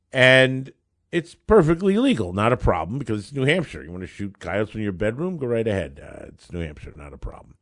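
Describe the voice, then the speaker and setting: A man who is a lawyer telling a case story in an animated, conversational way, acting out the dialogue. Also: on the low side. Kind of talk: storytelling monologue.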